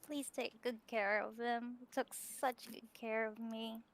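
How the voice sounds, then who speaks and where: A woman playing a caring, protective adventurer who speaks in a plain, soft way. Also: a little high, flat delivery, slow pace. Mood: tender.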